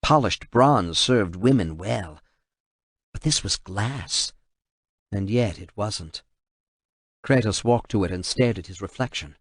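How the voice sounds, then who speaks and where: A man reading an action novel aloud in steady, measured audiobook narration. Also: lowish voice, dry recording, clean studio sound.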